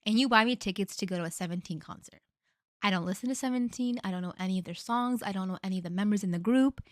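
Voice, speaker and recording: A woman narrates a story at a brisk clip and then weighs in with sassy, opinionated remarks of her own. Her voice sits at an ordinary middle pitch. The sound is dry and close, with no room around it. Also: no echo.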